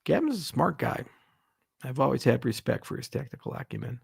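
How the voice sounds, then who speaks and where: Brief: very gravelly man, blunt, ranting, profane Q&A host, dry close sound. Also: medium pitch, very animated, a little fast, darkish tone, no room sound. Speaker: AMA host, venture capitalist. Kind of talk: livestream Q&A, unscripted.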